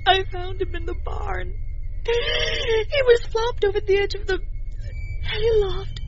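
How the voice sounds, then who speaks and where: An actress playing a frightened young woman held captive and questioned, tearful and shaky, answering in halting, broken phrases. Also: very high-pitched, expressive, a little hiss or hum, exaggerated voice. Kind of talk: film drama dialogue. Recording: dull lo-fi audio with faint music.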